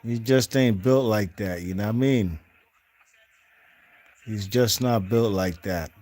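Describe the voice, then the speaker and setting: A man who hosts a boxing channel rambles through casual post-fight commentary, full of slang, fillers and restarts. His voice is on the low side and a little mellow, his pace slow, and he's not from the UK.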